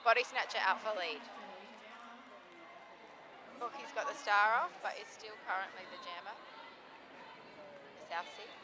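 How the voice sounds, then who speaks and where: An Australian woman calls a roller derby bout live in a relaxed, chatty way. Her voice sits at a middling pitch. Clear background noise runs under the stream. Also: unhurried, long pauses, over a noisy crowd. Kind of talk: live sports commentary.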